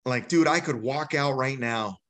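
A man's voice: mid-range voice, moderate pace, a bit bright. A man, an army veteran, is a podcast guest telling a personal story candidly and bluntly, acting out the dialogue in a casual way. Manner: blunt and casual, acts out dialogue, says "bro".

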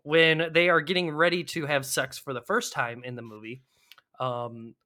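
A man talks through a bad movie with a co-host in loose, profane chat. His voice sits a bit high and sounds bright and forceful. He gets animated and laughs often. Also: moderate pace. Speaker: podcast co-host. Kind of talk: casual movie-review chat.

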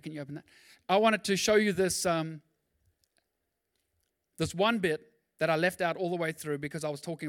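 High-voiced man preaching a sermon. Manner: conversational preaching, swings between loud and hushed. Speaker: pastor.

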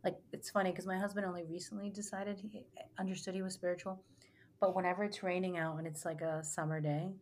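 A young woman who guides spiritual retreats tells stories earnestly on a casual podcast, talking fast with a lowish voice that barely moves in pitch. Her storytelling rambles and is heavy with fillers.

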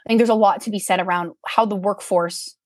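A woman's voice: medium pitch, steady tone, a little fast, dry recording, studio quality. A woman co-hosting a podcast, speaking in an effusive, heartfelt way and often restarting her sentences. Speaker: podcast co-host. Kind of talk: casual podcast chat.

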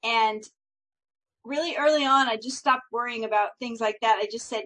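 Upbeat woman life coach, bright and cheerful. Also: fairly high pitch, normal speed, poor audio. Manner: upbeat, reassuring, laughs often. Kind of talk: casual chat.

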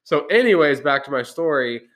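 A man's voice: on the high side, animated, normal speed, fairly bright tone. A young man hosting a podcast, telling a heated story in casual chat. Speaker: podcast host. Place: podcast room.

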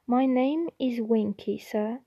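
A woman's voice: slow pace, husky, highs cut off, exaggerated voice. A woman voicing a timid, anxious female house elf servant who speaks with broken grammar and keeps saying "sir". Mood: anxious deferential. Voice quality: squeaky, quivering.

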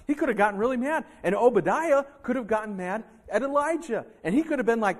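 A male pastor with an extremely high-pitched voice talks fast, with hardly any pauses, as he delivers a sermon in a church sanctuary. His preaching is animated, and he acts out heated arguments between people, voicing their fiery quotes.

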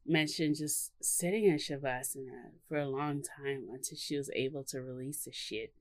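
A woman's voice: extremely low pitch, normal speed, dry recording. A woman co-hosting a podcast in casual chat, laughing often and filling her speech with ums and likes. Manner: chatty, laughs often, many fillers. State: hiccups. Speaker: podcast co-host.

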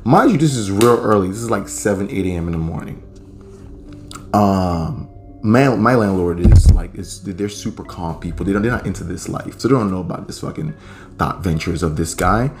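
A man's voice: low voice, animated, moderate pace, faint music behind. A young man hosting a podcast, telling a story in a laid-back, profane, rambling way. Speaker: podcast host. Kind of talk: casual storytelling.

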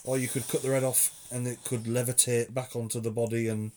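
A man's voice: medium pitch, level tone, fairly quick, a little mellow. Dry, teasing young man chatting. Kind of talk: casual chat.

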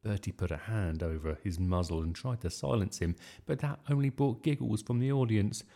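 A man reading a children's story aloud in a lively, expressive way. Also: fairly low pitch, moderate pace, creaky. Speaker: storybook reader.

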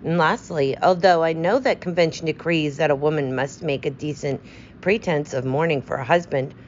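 A woman voicing a fussy, precise male detective with a brisk, self-assured way of talking. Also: sits low, highs cut off, a little hiss or hum, close to an everyday voice.

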